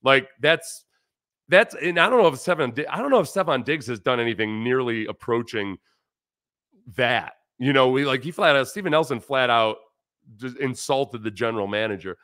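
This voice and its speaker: Animated man talking sports, bright and dry. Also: medium pitch, moderate pace, dry recording. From United States. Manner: animated, rambling, restarts often, reads chat aloud. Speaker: former NFL player turned sports commentator, livestream host. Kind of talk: casual sports talk livestream.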